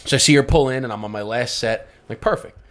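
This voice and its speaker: Man, New York accent, casual podcast co-host, relaxed, salty language, mid-pitched. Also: fast talker. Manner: laid-back, swears casually. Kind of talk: casual chat.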